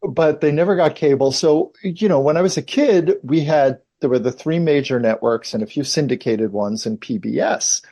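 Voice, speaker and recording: A man's voice: on the high side, moderate pace, dark tone. A man in his fifties, an actor being interviewed, telling long anecdotes in a casual, chatty way full of asides. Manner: rambling anecdotal storyteller, many asides.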